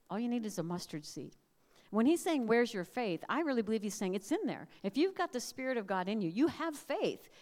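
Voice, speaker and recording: A middle-aged woman giving a conversational, storytelling sermon. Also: medium pitch. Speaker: speaker. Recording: reverberant hall.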